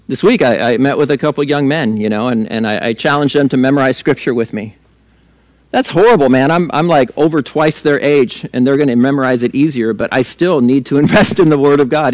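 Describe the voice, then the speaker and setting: A man's voice: mid-range voice, dry recording. Chatty man preaching, dry close sound. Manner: conversational, laughing asides, repeats words when restarting. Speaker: pastor. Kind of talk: sermon.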